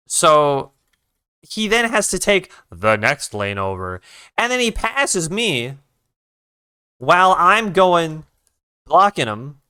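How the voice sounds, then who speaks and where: Ranting, swearing art streamer with a lively voice. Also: medium pitch, slow pace, long pauses, clean tone, no echo, clean studio sound. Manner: profane, ranting, retells the conversation in others' voices; restarts sentences while redrawing. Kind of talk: casual story time while drawing on a live stream.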